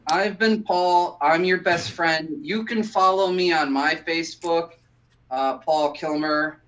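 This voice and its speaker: A man doing a stand-up set, delivering deadpan, absurd one-liners. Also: on the high side, slow pace, dull audio, slight background noise. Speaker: stand-up comic.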